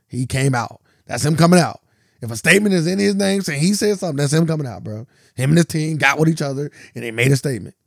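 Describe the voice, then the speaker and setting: A man's voice: on the high side, expressive, fast, gravelly, no room sound, clean studio sound. A man co-hosting a podcast in casual chat, arguing his point insistently and often laughing. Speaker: podcast co-host. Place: podcast studio.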